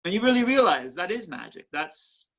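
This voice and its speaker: A man who founded a museum chats in an interview at home, an animated storyteller who repeats and restarts his words. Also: high voice, moderate pace, creaky. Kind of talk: casual interview chat.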